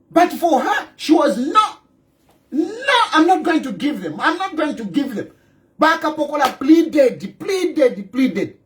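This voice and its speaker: A man with a Zambian accent giving an emphatic broadcast monologue as a political commentator, with repeated rhetorical questions. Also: extremely high pitch. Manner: emphatic and repetitive, rhetorical questions, switching into local phrases.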